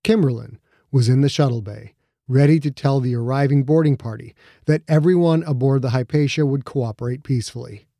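Man reading an audiobook, gravelly and mellow, steady measured pace, dry close mic. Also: medium pitch, dry recording. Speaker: audiobook narrator. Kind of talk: scripted narration.

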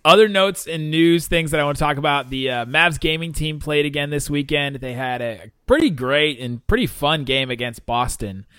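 A man's voice: fairly high pitch, animated, normal speed, few pauses, sharp tone, smooth, dry recording, studio quality. A man co-hosting a sports podcast, chatting casually with rambling asides and frequent laughs. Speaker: podcast co-host.

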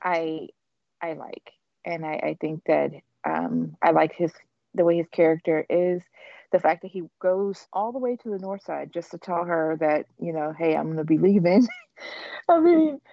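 A woman's voice: fairly low pitch, lively intonation, measured pace, vocal fry, no echo. A woman co-hosting a casual TV recap podcast, who rambles with many fillers and restarts. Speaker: podcast co-host. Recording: dull lo-fi podcast audio.

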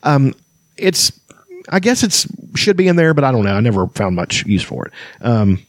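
A man's voice: medium pitch, big pitch swings, moderate pace, no echo, clean studio sound. A man in casual conversation about a fantasy novel, chatty and enthusiastic, reading out passages between remarks. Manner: chatty, enthusiastic, many fillers and restarts. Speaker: podcast host. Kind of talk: casual book discussion with read-aloud passages.

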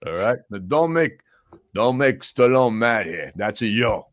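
A man's voice: mid-range voice, expressive, unhurried, no room sound, studio quality, lightly acted. A man playing a mumbling, boastful middle-aged male action-movie star as a comic talk show host. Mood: bragging, gruff. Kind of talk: comedic celebrity impression.

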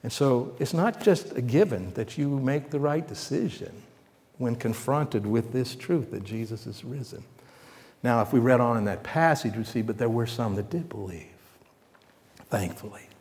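A man's voice: medium pitch, lively intonation, normal speed. Man preaching in a reverberant hall. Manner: conversational preaching, asks the congregation questions, swells louder for emphasis. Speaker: pastor. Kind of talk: sermon.

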